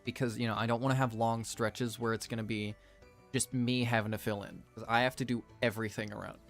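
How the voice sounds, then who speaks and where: A man's voice: mid-range voice, little pitch movement, brisk, soft background music. Jokey young man narrating gameplay. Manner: jokey, self-deprecating, theatrical outbursts. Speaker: gaming video creator. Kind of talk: casual let's-play commentary.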